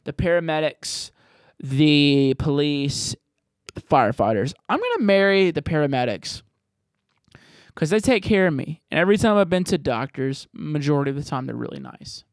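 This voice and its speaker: A man's voice: fairly high pitch, very animated, moderate pace, dry recording, studio quality. A man hosting a podcast, answering voicemails in a rambling, profane, jokey way. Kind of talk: casual podcast chat.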